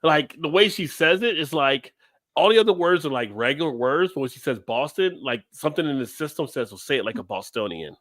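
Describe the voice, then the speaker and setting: A man's voice: a little high, fairly quick. A man co-hosting a casual chat, joking and laughing often. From Baltimore area. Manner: jokey, laughs often, lively delivery.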